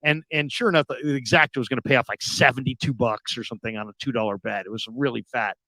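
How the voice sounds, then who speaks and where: A radio host telling a long story in casual chat, acting out the people in it with loud, high outbursts. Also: male voice, quick pace, dry recording. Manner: animated, acts out quoted people with sudden loud high outbursts.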